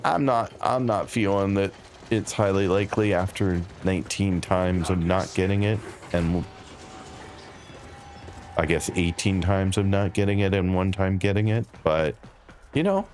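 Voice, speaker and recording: A man's voice: sits low, measured pace, slight background noise. A man casually chatting with his viewers while playing a game on a live stream. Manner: relaxed, chatty, talks to chat by name.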